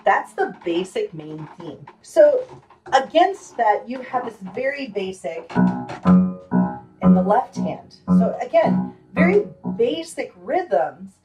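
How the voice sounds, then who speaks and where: A woman's voice: a little high, distant mic, poor audio. A woman giving a casual music lesson, chatty and full of ums and restarts, with playful asides and piano playing between her words. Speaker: music teacher.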